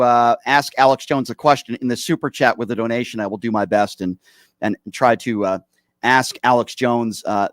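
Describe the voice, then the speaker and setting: A man's voice: mid-range voice, dry recording, studio quality. A man hosting a comedy call-in sketch, asking mock-innocent, teasing questions. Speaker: host.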